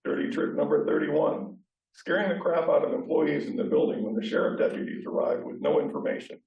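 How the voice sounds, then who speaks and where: A man's voice: on the high side, brisk, vocal fry. A man giving a pointed, sarcastic public comment at a township meeting, reading from notes. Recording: distant, roomy, dull public meeting audio.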